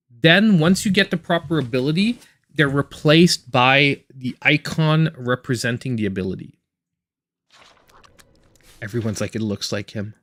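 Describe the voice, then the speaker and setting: A man with a Canadian accent hosts a gaming channel, giving casual, rambling let's-play commentary full of filler. His voice is a little high with a fairly bright tone.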